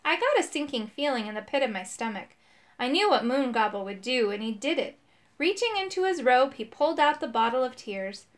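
A woman's voice: high-pitched, very animated, brisk. Woman reading a children's story. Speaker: narrator.

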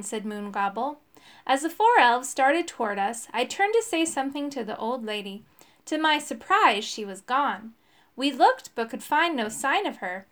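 A woman narrating a children's fantasy book in the first person, with expressive reading. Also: a little high, unhurried. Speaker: audiobook narrator. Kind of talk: storybook narration.

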